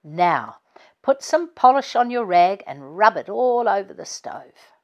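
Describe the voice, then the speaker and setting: A woman reading aloud as a practical, cheerful mother giving her children brisk instructions. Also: mid-range voice, sing-song, darkish tone.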